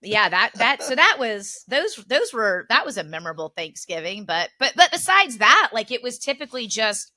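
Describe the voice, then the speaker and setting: A young woman co-hosting a podcast, telling family stories in a casual, animated way, laughing often and acting out what relatives said. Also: a little high, normal speed, few pauses. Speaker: podcast co-host. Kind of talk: casual chat, storytelling.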